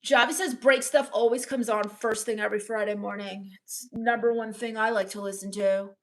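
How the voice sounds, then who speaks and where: A young woman streaming in character, deadpan and sulky, sarcastically complaining while reading chat comments aloud. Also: mid-range voice, moderate pace. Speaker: comedic livestreamer reading chat. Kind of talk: in-character comedy livestream.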